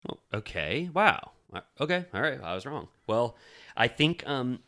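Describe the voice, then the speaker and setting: A man's voice: medium pitch, normal speed. A man co-hosting a podcast, chatting casually and animatedly as he recaps reality TV. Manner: chatty, animated, laughs loudly. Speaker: podcast co-host.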